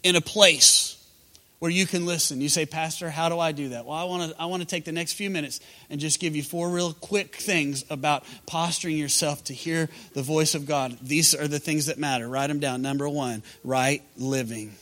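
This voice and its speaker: A man preaching as pastor, calling on the congregation to repeat words and building to loud emphatic passages. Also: a little high, fairly even intonation, moderate pace. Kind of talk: sermon.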